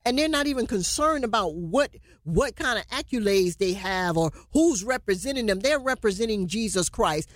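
A woman preaching with fervor, reading scripture slowly and breaking into praise. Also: fairly high pitch, no echo, studio quality. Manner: fervent, exclaims praise phrases; slows down to read scripture.

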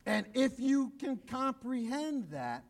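A man with a high voice delivers a sermon from the pulpit. He preaches urgently and with emphasis, driving home the same call over and over. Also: very animated, takes it slowly. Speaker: pastor. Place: church, broadcast on radio and online.

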